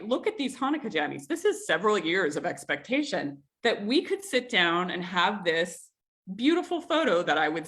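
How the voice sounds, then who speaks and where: A woman in her thirties hosting a community group, telling a family story in a chatty, animated way, with frequent laughs and filler words. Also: on the low side. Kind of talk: casual storytelling in an online group talk.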